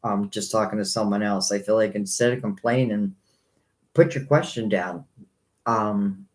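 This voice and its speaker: With a lowish voice at normal speed, a man gives psychic tarot readings on a live stream. He rambles and thinks aloud, earnest and a little hurt by his critics.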